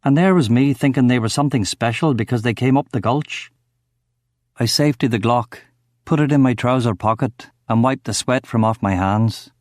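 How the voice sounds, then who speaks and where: Male audiobook narrator, first-person thriller read, clipped tense delivery, mid-pitched voice, very dry close recording. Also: normal speed, dry recording.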